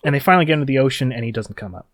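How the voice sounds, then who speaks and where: A man's voice: mid-range voice, lively intonation, racing, very noisy. A young man narrating as game master at a tabletop game, talking loosely with many fillers. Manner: loose and rambling, full of fillers.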